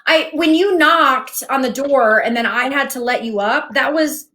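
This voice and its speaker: A fairly high-voiced woman runs a heated live debate from home on her phone. She is firm and sarcastic, cutting in over her guest and keeping control of the stream. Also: measured pace, pushed and bright. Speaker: livestream host.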